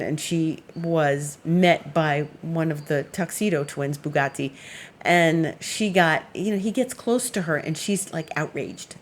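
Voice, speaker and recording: Astrologer woman with a low voice, rambling easy forecast talk. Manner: chatty and meandering, laughs while telling stories. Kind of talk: casual weekly astrology forecast.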